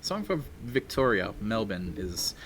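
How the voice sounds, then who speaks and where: A man's voice: fairly low pitch, big pitch swings, moderate pace, background noise. A man narrating as dungeon master in a casual, chatty way, with many fillers and frequent laughs. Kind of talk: narrating a tabletop game.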